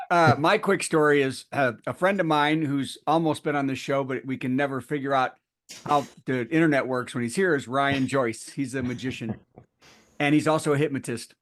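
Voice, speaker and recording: A man hosting a comedy show over a video call, telling a story with laughter and quick asides. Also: on the high side. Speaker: host. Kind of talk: casual chat.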